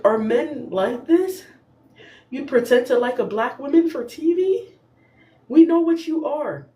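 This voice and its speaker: Sassy laughing woman in an echoey room. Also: fairly high pitch. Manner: animated, sassy, laughing often. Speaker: podcast host. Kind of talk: casual recap commentary.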